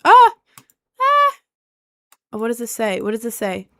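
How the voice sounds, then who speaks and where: Young female streamer, slightly high and smooth-voiced, thinking aloud while guessing locations, dry close sound. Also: steady tone, quick pace, darkish tone, no room sound. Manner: thinking aloud, asks chat for help. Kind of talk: casual gameplay commentary.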